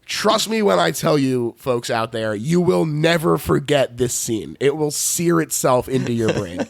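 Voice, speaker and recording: A man with a Philadelphia accent casually recaps a horror movie on his podcast, full of laughter, profanity, and playful commentary. His medium-pitched voice is expressive, gravelly, and a little slow. The studio-quality recording carries no room sound.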